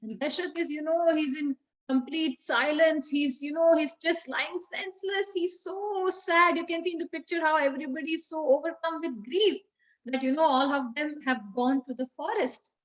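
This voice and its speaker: A woman's voice: sits high, moderate pace, poor audio. A woman, teaching children by retelling a story in a chatty way, with many fillers and questions to the class.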